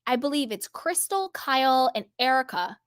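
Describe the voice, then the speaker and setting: Emphatic woman host, higher voice. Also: animated, moderate pace, no room sound, studio quality. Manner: emphatic, repetitive, rambling asides. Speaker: commentary channel host. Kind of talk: casual opinion commentary.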